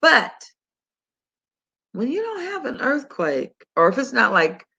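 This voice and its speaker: An older woman hosting a health talk, telling a story in a chatty, animated, conversational way. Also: high-pitched, takes it slowly, gravelly, husky, lo-fi sound. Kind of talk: casual monologue to listeners.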